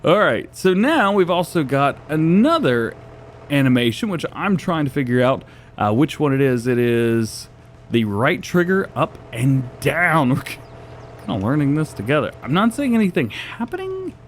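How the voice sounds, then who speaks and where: A man's voice: fairly high pitch, big pitch swings, measured pace, a little hiss or hum. A man hosting a gaming channel, giving chatty gameplay commentary and laughing often, while he is losing his voice.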